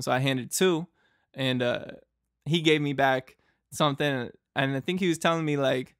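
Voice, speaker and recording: A man's voice: fairly high pitch, fairly even intonation, moderate pace, fairly bright tone, clean tone, no echo, studio quality. A young man from Boston, hosting a podcast and telling a travel story in a loose, rambling way, full of fillers and laughs. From Boston, United States. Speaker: podcast host.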